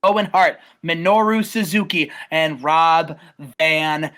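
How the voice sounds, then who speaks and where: An excitable man tells a match story as casual play-by-play. He rambles, restarts his sentences and keeps switching names, then bursts into loud shouted quotes. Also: a little high, takes it slowly. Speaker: host recapping a wrestling game simulation.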